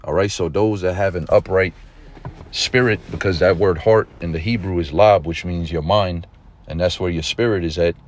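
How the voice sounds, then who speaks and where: A man teaching an informal religious lesson in a conversational preaching manner, often checking in with his listeners and growing excited at points. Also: low voice, normal speed. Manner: grows excited and emphatic at points.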